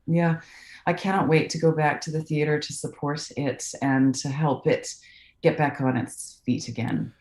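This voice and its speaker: A woman with a low voice answers interview questions from England, speaking thoughtfully and encouragingly with plenty of ums and you-knows. Her voice rings in a slightly echoey room over a video call. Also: steady tone, normal speed, darkish tone. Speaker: voice actress, interview guest.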